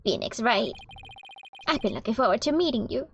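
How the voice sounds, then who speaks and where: A woman's voice: fairly high pitch, very animated, normal speed, vocal fry, lo-fi sound, slight background noise. A woman voicing a smug, pompous young male prosecutor with a haughty, condescending manner.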